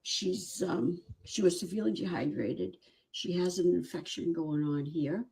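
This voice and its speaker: A woman animal rescuer giving video updates on a sick kitten, animated and cooing at it in baby talk, recorded indoors on a phone. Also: on the low side, a little slow, creaky, husky.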